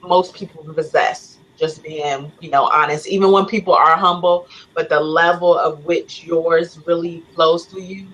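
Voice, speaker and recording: A woman's voice: lowish voice, fairly even intonation, measured pace, few pauses, a bit bright, a little hiss or hum, low-quality recording. A woman co-host giving a rambling, admiring tribute with many "you know" and "like" fillers. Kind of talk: casual chat, tribute.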